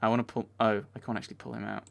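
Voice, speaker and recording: A man's voice: lowish voice, level tone, very fast, creaky. A man giving let's play commentary, talking back to the game characters and getting easily exasperated. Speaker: video game player.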